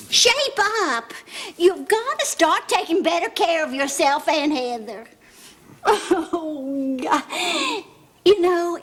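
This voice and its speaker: A woman's voice: high voice, heavily acted. An actress playing a fretful middle-aged mother in a 1970s TV soap, fussing, scolding and pleading. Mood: lecturing.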